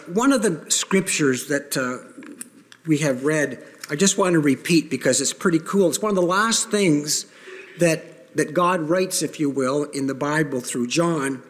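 Male pastor, slightly higher voice, emphatic sermon delivery, long church-hall reverb. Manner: earnest, emphatic preaching with pauses. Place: church sanctuary.

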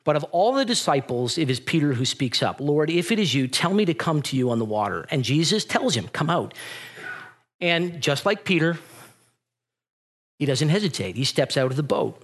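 A middle-aged man preaching a sermon, telling stories with animated energy and acting out the voices of the people in them. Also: a little high, brisk. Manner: animated storytelling, acts out voices in retellings. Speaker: pastor.

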